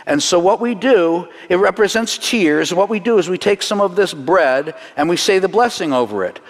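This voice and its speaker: A man teaching a congregation through a Seder, earnest and slowing down for solemn points, with light jokes along the way. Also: a little high, animated, big-room sound. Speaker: messianic teacher leading a Seder demonstration. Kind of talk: sermon-style teaching to a congregation.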